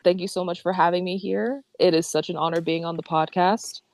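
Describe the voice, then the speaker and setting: A drag king guest in a casual podcast interview, excitable and rambling, self-deprecating and quick to laugh. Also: lowish voice, no room sound. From Ohio.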